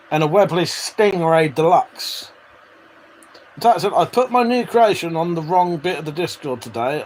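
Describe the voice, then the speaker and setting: Male streamer, fairly high voice, loose and sweary, faint hiss behind. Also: low-quality recording. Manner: chatty, swears freely, laughs often. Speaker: livestream host reading chat. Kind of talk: casual live-stream chat.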